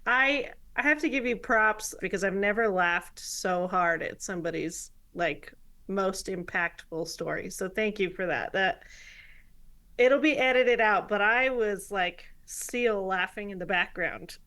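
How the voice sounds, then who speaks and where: A woman's voice: medium pitch, unhurried. A woman hosting a podcast interview, reacting with short remarks and frequent laughter. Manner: warm responsive listener, laughs often. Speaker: podcast host. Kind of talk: casual interview chat.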